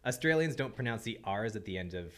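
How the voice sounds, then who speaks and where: A man's voice: on the low side, animated, fast. A man from Canada, a guest on a casual podcast, telling stories and imitating regional accents. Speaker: guest, digital artist. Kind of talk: casual chat.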